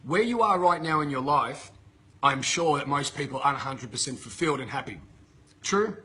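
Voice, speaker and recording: A man's voice: medium pitch, expressive, moderate pace, bright, forceful tone, slight background noise. A man giving a blunt, emphatic motivational talk to camera, swearing freely and ranting at his listeners. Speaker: motivational coach. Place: filmed in Bali with a camera operator.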